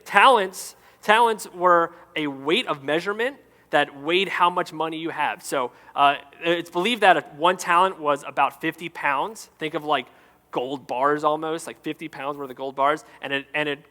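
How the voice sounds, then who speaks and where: Bright-voiced pastor in a big hall. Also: male voice, fairly high pitch. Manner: lively storytelling with playful asides. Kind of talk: sermon. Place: church auditorium. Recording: echoey hall with long reverb.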